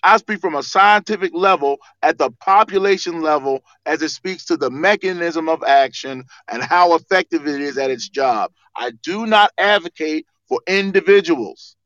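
An insistent man who talks over the others and repeats himself while he defends his position in a heated live audio room debate. His voice is high and bright, and it sounds dry and close. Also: normal speed, few pauses, dry recording, muffled recording. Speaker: doctor and guest speaker.

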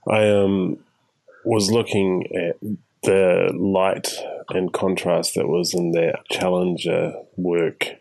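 A man interviewing a guest, speaking in a thoughtful, measured way. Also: low voice, little pitch movement, vocal fry, a little mellow, dry recording, poor audio. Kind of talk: reflective interview questions.

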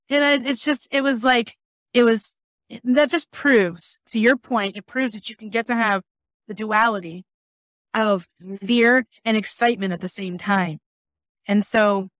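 Woman guest telling stories in quick bursts. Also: mid-range voice, a bit bright, dry recording. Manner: storytelling with quick bursts and frequent laughter. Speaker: guest, business mentor. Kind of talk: casual conversational interview.

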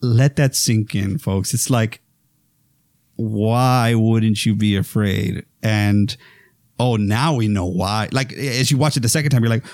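Excitable guy rambling about movies, voice jumping around, dead dry mic. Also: on the low side, slow, no room sound. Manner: animated, rambling with restarts. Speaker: podcast host. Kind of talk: casual film chat.

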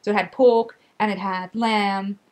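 A woman co-hosting a podcast, chiming in quickly and laughing as she tells travel stories. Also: mid-range voice, steady tone. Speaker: podcast co-host. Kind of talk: casual chat.

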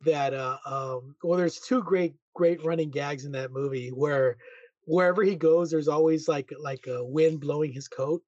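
A man's voice: a little high, steady tone, unhurried, a little mellow, dry recording. A man co-hosting a podcast, talking about movies in an enthusiastic, laid-back way. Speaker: podcast co-host. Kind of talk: casual movie chat. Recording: dry dull lo-fi mic.

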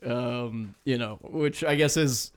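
A man's voice: mid-range voice, slow. A young man co-hosting a podcast, chatting casually in a rambling, jokey way with mock-posh asides. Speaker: podcast co-host. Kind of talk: casual comedic chat.

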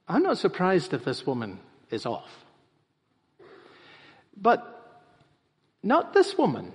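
A man's voice: sits high, wildly swooping pitch, slow pace, pauses often, slightly rough. A man preaching a sermon as pastor, emphatic and repeating phrases for stress. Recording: reverberant hall.

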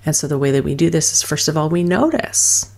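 A woman coach teaching a calming breathing practice in a soothing, loose, filler-heavy way. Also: deep voice, fairly quick, gravelly. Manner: soothing, speaks in loose fragments with many fillers. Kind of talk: guided wellness teaching.

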